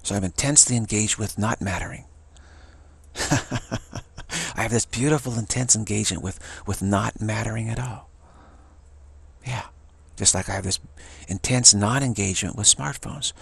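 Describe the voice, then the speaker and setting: A man's voice: lowish voice, normal speed, gravelly, pauses often, slightly rough. A man giving an informal spiritual talk in a rambling, playful way, often repeating himself. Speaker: spiritual teacher.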